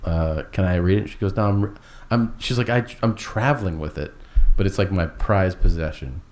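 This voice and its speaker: A man with a very deep voice spins a casual, meandering anecdote, swearing freely. He acts out each exchange with "I was like" quotes. A faint hiss sits under the voice. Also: normal speed, a little mellow. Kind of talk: casual storytelling chat.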